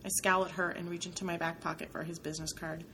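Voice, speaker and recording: A woman narrating a first-person audiobook in a soft, introspective manner. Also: lowish voice, level tone, fast, gravelly, a little hiss or hum, poor audio.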